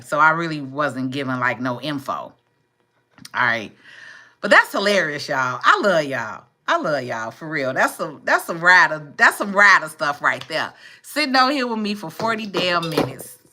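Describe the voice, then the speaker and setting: Woman hosting a phone livestream; casual and full of laughter, bright and lively. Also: on the low side. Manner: laughing often, exclaiming. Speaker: livestream host. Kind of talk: casual livestream chat with viewers. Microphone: phone camera.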